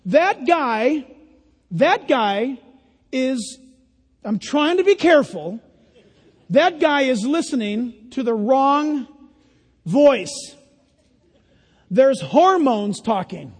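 High-voiced older preacher in echoing hall. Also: male voice, animated, extremely slow, pauses often, breathy edge. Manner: emphatic, playful asides. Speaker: pastor. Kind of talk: sermon. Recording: long reverb of a large hall.

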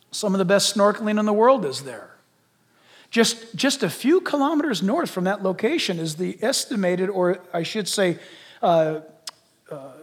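A preacher with a very high voice delivers an animated sermon. He swings from quiet, intimate asides to loud, shouted bursts. His voice carries a long reverb, as in a large church hall. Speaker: pastor.

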